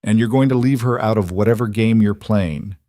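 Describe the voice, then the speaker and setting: A man voicing a guarded young rancher who speaks quietly and steadily, in an audiobook western. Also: lowish voice, fairly quick, no echo, clean studio sound, close to an everyday voice. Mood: tense.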